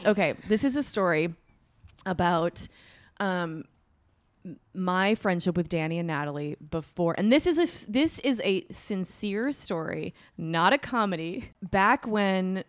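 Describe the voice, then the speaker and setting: Animated woman telling a story. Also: fairly low pitch, a little slow, no room sound. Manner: animated storyteller, swearing, laughing often. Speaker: comedian guest. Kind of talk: casual podcast chat.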